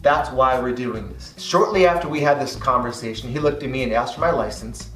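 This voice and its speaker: A man's voice: mid-range voice, brisk, fairly bright tone, reverberant, far from the mic, faint music behind. A man teaching listeners how to talk to police officers, speaking in an emphatic coaching way and acting out lines he quotes. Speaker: hypnotist teaching verbal techniques. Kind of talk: direct-to-camera instruction.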